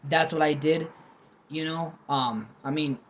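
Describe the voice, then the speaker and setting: A man with a fairly high voice reviews food at home, speaking a little slowly over a slight hiss or hum. Unscripted, he rambles from topic to topic with candid, self-deprecating, goofy asides.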